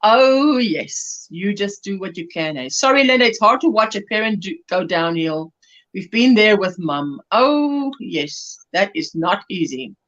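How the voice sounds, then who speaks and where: A woman's voice: mid-range voice, expressive, measured pace, a bit bright. A South African woman hosting a crochet livestream, chatting casually and laughing often as she reads viewer comments aloud. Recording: lo-fi livestream audio.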